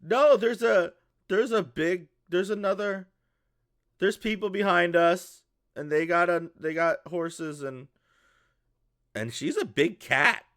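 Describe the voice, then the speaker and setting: A man voicing an excited seven-year-old human boy in a tabletop game, tumbling over his words. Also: high voice, slow, pitched above the performer's own voice, full character voice. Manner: eager, tumbling run-on sentences.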